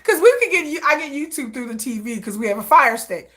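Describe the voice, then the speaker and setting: A woman hosting a livestream, chatting casually and telling animated personal stories, acting out quotes and laughing often. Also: sits high, a little fast. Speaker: livestream host. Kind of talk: casual chat.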